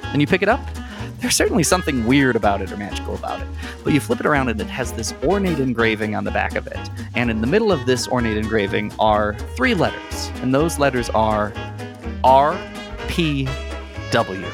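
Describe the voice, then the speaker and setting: A man narrating a tabletop game as game master, often pausing on ums and restarting phrases. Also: mid-range voice, sing-song, music in the background. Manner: hesitant, lots of ums and restarts.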